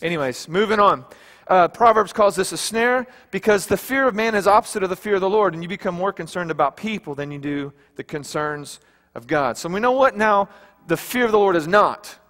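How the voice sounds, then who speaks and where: High-voiced preacher in a reverberant church. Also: male voice, lively intonation, a little fast, fairly bright tone. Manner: conversational preaching with rhetorical questions. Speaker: pastor. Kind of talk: sermon. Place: church sanctuary.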